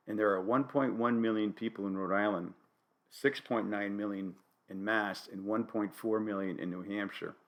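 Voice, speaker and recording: Dry-humored older Connecticut man, low voice. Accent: Connecticut, New England. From New Haven, Connecticut. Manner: dry, wry humor with deadpan asides. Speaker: podcast host. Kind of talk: solo monologue podcast.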